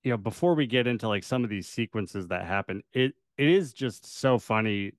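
Easygoing male co-host, smooth resonant voice, dry close mic. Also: fairly low pitch, animated, normal speed, no echo. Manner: laid-back, laughs often, fills with "like". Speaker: podcast co-host. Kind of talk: casual chat.

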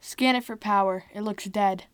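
A woman's voice: medium pitch, fairly even intonation, moderate pace, clean tone, no echo, close to an everyday voice. A woman playing a bored enemy pilot. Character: bored young female fighter pilot, trigger-happy.

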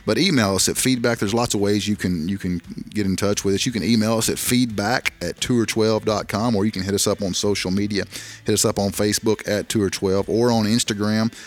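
A man hosting a podcast in a makeshift studio, talking in a folksy, rambling way. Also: on the low side. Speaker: podcast host. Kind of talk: casual chat.

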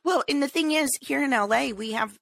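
A woman with a high, bright voice rants in an animated, exasperated way as a podcast co-host. She talks casually and heatedly. The sound is close and dry. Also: fairly quick, gravelly, dry recording. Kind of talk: casual chat.

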